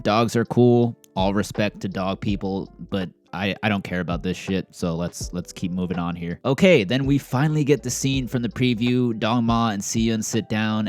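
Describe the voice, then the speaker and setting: A young man casually recapping a drama episode, animated and sarcastic, swearing often and laughing at his own jokes. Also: fairly low pitch. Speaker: drama reviewer.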